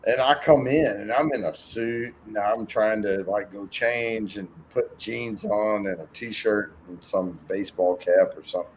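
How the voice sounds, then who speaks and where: A man's voice: fairly low pitch, a little slow, hardly any pauses, slight background noise, poor audio. A man telling rambling, profane stories in a casual chat and acting out the voices in them. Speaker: co-host.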